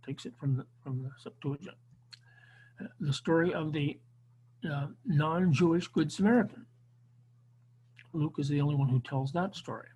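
Male Bible teacher on a video call, fairly high voice, unscripted lecture. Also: normal speed, pauses often, a little mellow, husky, low-quality recording. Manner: unscripted, with frequent restarts and fillers. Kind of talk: online Bible class lecture.

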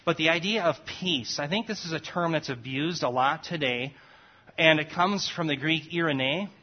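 Guy teaching bible study, kinda high voice, keeps asking okay? right?, muffled lo-fi sound. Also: moderate pace, a little hiss or hum. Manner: checks in often with "okay?" and "right?". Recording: dull lo-fi recording.

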